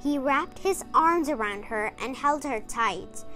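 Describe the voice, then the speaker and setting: A woman narrating a children's picture book in slow, expressive storytelling. Her voice is high and lively in pitch, unhurried throughout. Faint music sits underneath. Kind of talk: reading a picture book aloud.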